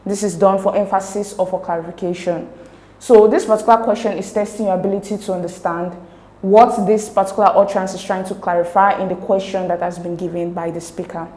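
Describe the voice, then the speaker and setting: A woman tutor talking through exam answers step by step, slow and careful as she spells out sounds and options. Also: medium pitch, fairly even intonation, dark tone, echoey room, rough recording. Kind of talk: recorded exam lesson explaining answers.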